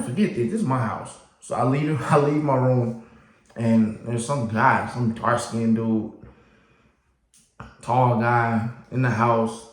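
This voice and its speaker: A man telling his life story casually to the camera, as an animated storyteller whose voice jumps up high when he acts out his younger self. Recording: echoey room.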